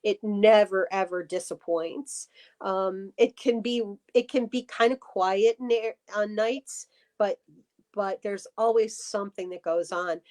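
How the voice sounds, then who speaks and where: Woman guest, mid-pitched, lively restarting storyteller for a chatty live stream. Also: unhurried. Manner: animated storyteller, many restarts. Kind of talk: casual live-stream chat.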